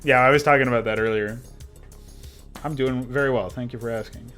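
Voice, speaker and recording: A man's voice: medium pitch, fairly even intonation, a little fast, a bit bright. Rambling man streaming game design talk. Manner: rambling, restarts often, reads and answers chat. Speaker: modding streamer. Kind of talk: casual livestream talk about game design. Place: home setup while working on a game mod. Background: faint background music.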